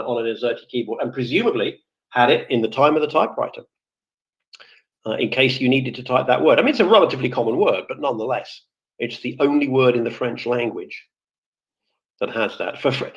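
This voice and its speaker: A man chats casually in a live online audio room, wandering through his points, stopping to correct himself and filling pauses as he goes. He has a mid-range voice of ordinary pitch. His audio comes through a dull, lo-fi stream. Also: animated. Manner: rambling, self-correcting, with many fillers. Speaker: guest speaker, former office IT support. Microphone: computer or phone mic in a live audio room.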